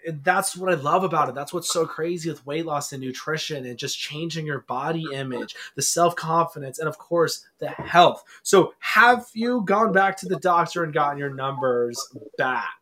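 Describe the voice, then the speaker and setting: A man's voice: on the high side, normal speed, hardly any pauses, pushed and bright. A man hosting a motivational interview, enthusiastic and emphatic, often repeating his key points. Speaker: weight-loss coach and show host.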